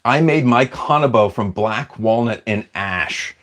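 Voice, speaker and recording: A man's voice: on the low side, a little slow, few pauses. A man casually chatting on a livestream, reading out viewer comments and answering them in a rambling, self-deprecating way. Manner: chatty, self-deprecating, wanders off mid-sentence.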